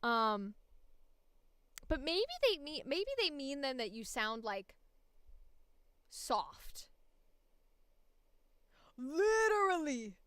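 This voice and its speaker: Bright-toned woman in chatty stream talk. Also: sits high, sing-song, slow, pauses often, clear, resonant tone, no room sound. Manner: chatty, laughing, swearing freely. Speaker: voice actor streamer. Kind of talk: casual livestream chat.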